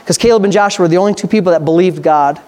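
A man's voice: sits high, rapid-fire, darkish tone. A male pastor preaching a sermon, reading Scripture and posing emphatic rhetorical questions.

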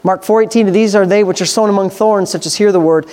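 High-voiced preacher, rising to excited. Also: male voice. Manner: swings from slow scripture reading to loud excited preaching. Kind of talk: sermon.

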